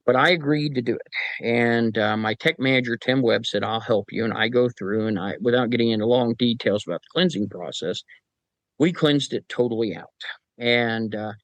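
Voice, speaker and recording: A man working as a paranormal investigator, telling anecdotes as a podcast guest in a relaxed way with wry humor. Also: medium pitch, moderate pace, no room sound, rough recording. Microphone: podcast microphone.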